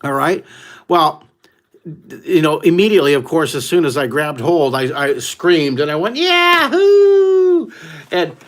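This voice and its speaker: A man's voice: on the high side, moderate pace. Exuberant American man teaching drawing. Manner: exuberant, exclamatory storyteller who whoops often. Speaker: art teacher hosting a live drawing class. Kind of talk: live online drawing lesson for kids.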